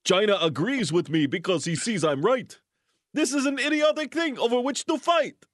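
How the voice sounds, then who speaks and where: A man's voice: very high voice, moderate pace, a bit bright, no echo, clean studio sound. A man voicing a boastful, blustering Soviet figure in a mock Russian accent for a comedic dramatic reading. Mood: menacing, smug. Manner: theatrical mock-menacing reading.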